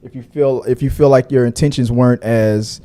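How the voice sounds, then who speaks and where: A man hosting a casual online show, chatting loosely, laughing often and now and then breaking into high mocking voices. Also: steady tone, moderate pace, dark tone. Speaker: podcast host. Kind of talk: casual chat.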